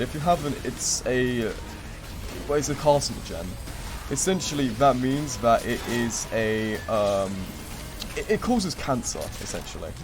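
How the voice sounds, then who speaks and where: A young man streaming, telling a rambling story in casual chat with lots of fillers and acted-out quotes. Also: medium pitch. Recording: music playing behind.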